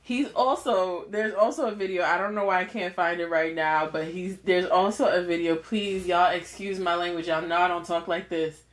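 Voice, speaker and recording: A woman's voice: fairly low pitch, fairly even intonation, normal speed, few pauses. A woman co-hosting a podcast, chatting casually and animatedly, often laughing as she tells a story. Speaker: podcast co-host.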